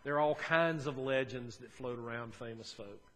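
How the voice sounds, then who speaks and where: A man's voice: mid-range voice, moderate pace. Earnest man preaching a sermon. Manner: earnest, conversational preaching with shifts between soft and emphatic. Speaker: pastor.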